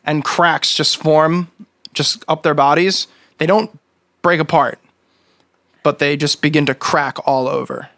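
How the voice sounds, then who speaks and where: A man running a tabletop game as game master, relaxed and quick to laugh while he rules on the fly. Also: on the high side, gravelly, no room sound, clean studio sound.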